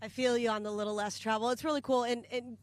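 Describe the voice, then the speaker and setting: A woman's voice: a little high, fairly even intonation, quick pace. A woman hosts a casual trackside interview at an off-road race, gushing with praise in a friendly way. She now and then fumbles for the right word and trails off mid-sentence. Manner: effusive, friendly, fumbles words. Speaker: event interviewer. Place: outdoors at an off-road race park.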